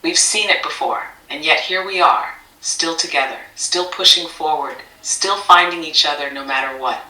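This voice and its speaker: This is a computer-made woman's voice playing an affectionate AI assistant. It sits low but sounds bright and crisp. It strings its points into gentle lists, and it echoes around a room as if played through a speaker. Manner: doting, calls the listener sweetheart, measured list-like cadence. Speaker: AI chat assistant. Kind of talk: affectionate scripted-sounding replies.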